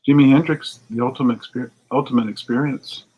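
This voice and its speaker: A man's voice: medium pitch, fairly even intonation, a little fast, darkish tone, breathy edge, poor audio. A man who owns a record store, chatting casually to a video audience while he inspects used CDs, rambling and muttering asides to himself. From United States. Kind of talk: casual vlog talk while sorting CDs. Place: record shop.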